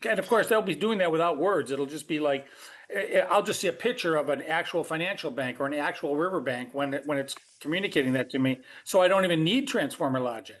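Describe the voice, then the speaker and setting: A man's voice: a little high, fast talker, a bit bright. A man co-hosting a casual tech podcast, thinking aloud and joking as he goes. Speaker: co-host.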